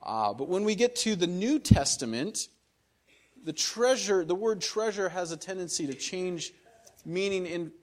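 A Midwestern man gives a sermon as a visiting missionary, his voice sitting a little high for a man. He talks in a folksy, conversational, self-deprecating way, as if chatting with friends from the pulpit of a church. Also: expressive, measured pace. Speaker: missionary preacher. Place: church sanctuary.

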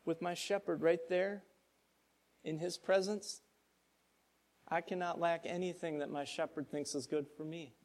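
Earnest pastor with a slightly high voice. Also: male voice, fairly even intonation, a little slow, pauses often. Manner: earnest storytelling, gently emphatic. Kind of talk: sermon.

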